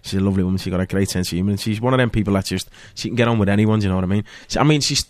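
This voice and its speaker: A man with a Liverpool accent, an actor chatting as a guest and telling stories with lively energy. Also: on the low side, no room sound. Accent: Liverpool (Scouse). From Liverpool, England. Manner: animated storyteller, quick to laugh. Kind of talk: casual interview chat.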